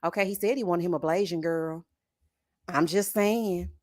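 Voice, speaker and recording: A woman's voice: lowish voice, normal speed, a little mellow. A middle-aged woman, hosting casual, dramatic reaction commentary and reading viewer comments with sass and laughter. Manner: sassy, dramatic, laughing, calls viewers honey and child. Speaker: reality TV commentary host.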